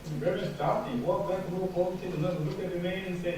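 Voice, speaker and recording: A man's voice: high-pitched, steady tone, a little mellow. Man telling a parable in an echoey hall. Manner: slow, dramatic storytelling with acted quotes. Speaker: eulogy speaker. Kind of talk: storytelling a parable at a memorial service. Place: funeral hall. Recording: distant, very echoey hall with noise.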